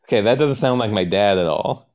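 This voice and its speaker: A man with a fairly low-pitched, slightly mellow voice joins an improvised role-play story game, narrating his own actions as he goes. His delivery is halting and questioning, full of hesitant restarts and questions.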